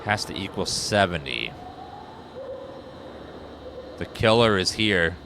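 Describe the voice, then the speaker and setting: A man streaming a horror game live, chatting excitably and rattling off lists of viewer names at speed. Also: low voice, gravelly, noisy background. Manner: excitable, rapid-fire reading of viewer names. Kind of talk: live gameplay commentary.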